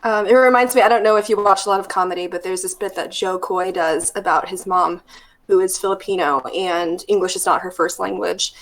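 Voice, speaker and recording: A woman therapist speaks with a gravelly, creaky voice at an ordinary middle pitch. She tells stories in a relaxed, reflective way and leans on fillers. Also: a little fast. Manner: thoughtful, storytelling with many fillers. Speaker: therapist guest. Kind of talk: casual podcast conversation.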